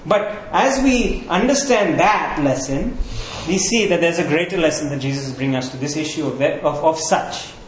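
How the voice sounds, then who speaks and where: A man's voice: on the high side, lively intonation, moderate pace, hardly any pauses, a little hiss or hum. A man preaching a sermon as pastor in a conversational, earnest way, often checking in with the listeners. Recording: roomy echo.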